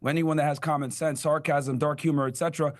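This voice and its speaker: Young man with a high voice, combative debate guest, sarcastic. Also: flat delivery, fast talker. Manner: blunt, mocking, sarcastic quoting.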